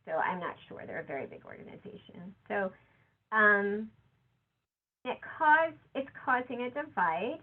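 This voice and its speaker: A woman giving a conversational conference talk, acting out quotes from other people. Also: unhurried. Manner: conversational, quotes others with lively shifts in pitch. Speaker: conference speaker. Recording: tinny phone-like audio.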